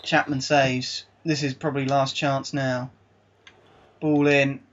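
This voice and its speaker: A man giving live commentary over his own football video game session, excitable and exasperated one moment, calmly running through his team the next. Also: medium pitch, takes it slowly. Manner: excitable, exasperated, swings between disbelief and calm team talk. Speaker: gaming YouTuber. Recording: slightly dull lo-fi mic.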